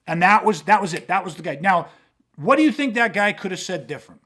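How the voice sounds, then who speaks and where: Male podcast host with a high-pitched voice, emphatic and profane, acts out dialogue. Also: expressive, a little fast, a bit bright. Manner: emphatic, swearing, acts out quoted exchanges. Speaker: self-defense podcast host. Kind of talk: casual podcast talk. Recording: podcast mic.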